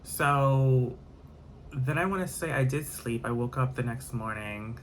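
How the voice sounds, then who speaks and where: Man, casual vlog storytelling, candid, rambling, graphic, mid pitch, faint background noise. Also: steady tone, a little slow.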